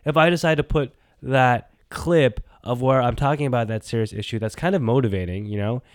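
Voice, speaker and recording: A man hosting a solo podcast, rambling and animated, talking to himself and swinging from loud bursts to quiet mumbles. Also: medium pitch, brisk, no room sound, studio quality. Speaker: podcast host.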